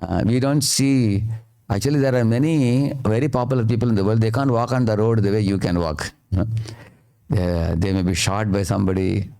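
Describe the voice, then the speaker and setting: Indian guy giving a temple talk, low mellow voice, keeps saying "huh?". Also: steady tone, brisk, creaky. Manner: frequent tag questions like "huh?". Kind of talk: sermon-style talk.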